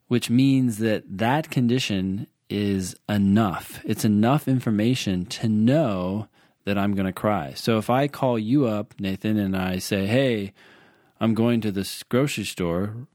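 A man's voice: on the low side, a little mellow, no echo, studio quality. A man tutoring for the LSAT in a casual chat, patiently explaining logic with everyday examples and repeating key points.

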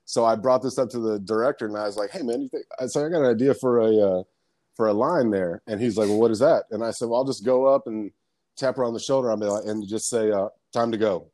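A man's voice: fairly low pitch, quick pace, a little mellow, dry recording, clean studio sound. A man telling casual stories as a podcast guest, rambling and swearing, laughing often. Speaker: guest, comedian and background actor. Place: lives in Florida.

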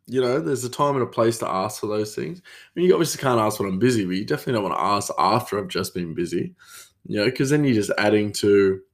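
Australian man, low and lively voice, casual rambling host. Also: fast. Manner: rambling, animated storytelling with many fillers. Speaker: podcast host, chef. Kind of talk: casual storytelling.

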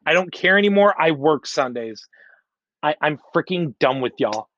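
A man's voice: a little high, expressive, moderate pace, fairly bright tone, no echo, muffled recording. A man ranting bluntly about football fans in a sports commentary, exasperated and repeating his points over and over. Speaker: sports podcaster.

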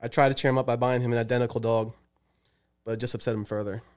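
A young man co-hosting a podcast in casual chat, an animated storyteller who cracks up at his own jokes. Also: mid-range voice, quick pace, clear, resonant tone. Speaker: podcast co-host.

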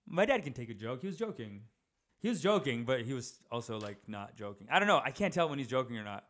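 A young man rambles through a casual comic monologue, animated and loose, talking a little fast. His voice is at an ordinary middle pitch, and he keeps dropping in filler words, saying "dude" a lot.

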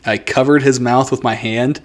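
A man's voice: mid-range voice, steady tone, moderate pace. A man telling childhood stories in casual podcast chat, swearing freely and laughing often.

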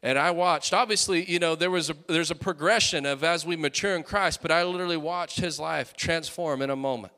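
A man in his late twenties preaching a sermon with fiery, rising peaks and quieter storytelling asides. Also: on the high side, brisk, hardly any pauses. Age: late 20s.

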